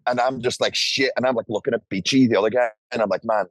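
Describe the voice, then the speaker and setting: A man's voice: medium pitch, fairly even intonation, fast, no echo, low-quality recording. A man telling a wild story on a podcast, acting out the voices and swearing freely. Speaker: podcast guest. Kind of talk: casual storytelling. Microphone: podcast studio mic.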